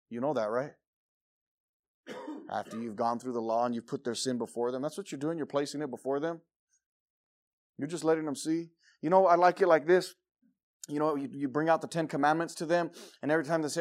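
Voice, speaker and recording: A man preaching a sermon, jumping from loud exclamations to quiet low asides and acting out shouting crowds. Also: a little fast. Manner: acts out the crowd in short shouted bursts.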